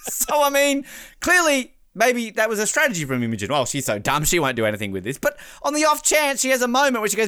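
Aussie guy doing a podcast recap, super animated, laughs a lot, dead dry mic. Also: high voice, fairly quick, clean tone, no room sound. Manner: animated, laughs often, mimics contestants. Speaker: podcast host. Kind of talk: casual recap chat.

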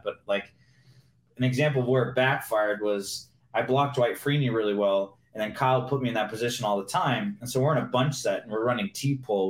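A man and former pro football player telling lively, fast-moving stories as a guest in a casual interview. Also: on the low side. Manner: animated, quick anecdotes. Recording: roomy echo.

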